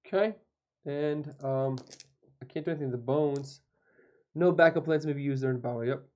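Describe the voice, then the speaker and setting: A man's voice: a little high, brisk, warm tone, lo-fi sound. A man playing a tabletop board game, counting dice aloud and coaching his partner through the rules in casual chat.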